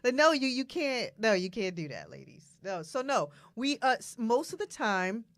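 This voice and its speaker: A woman's voice: on the high side, sing-song, moderate pace, dry recording. A woman co-hosting a casual talk show, speaking frankly, often laughing and acting out quotes. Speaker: co-host.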